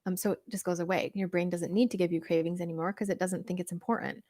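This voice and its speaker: A woman coach chatting through a livestream Q&A, reading viewer comments and answering in an animated, laughing way with lots of fillers. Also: on the low side, quick pace, no echo, studio quality. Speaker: weight-loss coach.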